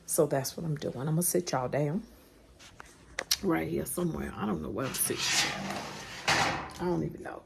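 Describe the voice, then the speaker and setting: A woman's voice: sits low, fairly quick, vocal fry, pauses often, heavy background noise. A woman vlogging casually about her day, chatty and folksy, calling her viewers honey and child. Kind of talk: casual day-in-the-life vlog.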